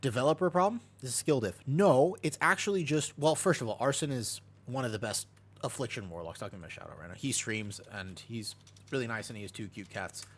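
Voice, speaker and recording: A man's voice: medium pitch, lively intonation, brisk. Young guy streaming a game and chatting w/ viewers, voice bounces all over, laughs a lot. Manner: chatty, jumps between topics, answers chat, laughs often. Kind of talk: casual live-stream commentary while gaming.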